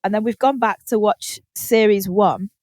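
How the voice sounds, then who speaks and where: A British woman hosting a podcast, telling animated stories in casual chat, laughing often and swearing casually. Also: mid-range voice, normal speed, no room sound. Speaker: podcast host.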